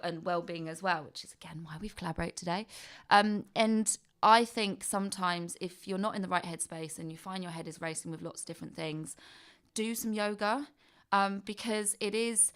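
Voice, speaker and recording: A woman presenting a wellbeing slot on the radio, chatty and encouraging, laughing often as she gives tips to listeners. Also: on the low side. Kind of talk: casual radio chat.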